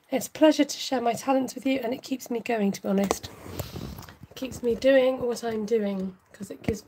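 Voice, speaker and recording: A woman hosting a casual livestream craft tutorial, chatting warmly with viewers and laughing often. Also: on the high side, a little hiss or hum, rough recording. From United Kingdom. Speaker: craft channel host.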